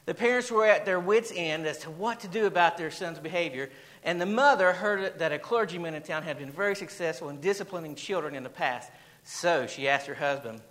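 Fairly high in pitch and a little fast, with a somewhat bright tone, this pastor's sermon is heard on poor audio. He preaches to his church congregation by reading an anecdote aloud as a story, repeating phrases and firing questions at them.

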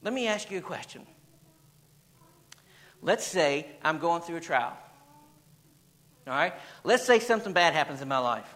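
A man's voice: fairly high pitch, lively intonation, normal speed, long pauses, fairly bright tone, poor audio. A man preaching a sermon in a church, repeating phrases and firing questions at the congregation, with a storytelling manner. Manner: storytelling, reading an anecdote aloud. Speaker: pastor.

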